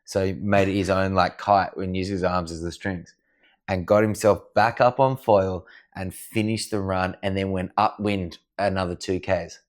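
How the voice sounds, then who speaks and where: An Australian man, a podcast guest, telling an animated story in a casual chat at home, swearing freely. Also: deep voice, moderate pace. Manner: animated, swears freely, acts out other people's voices. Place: living room of a house at night.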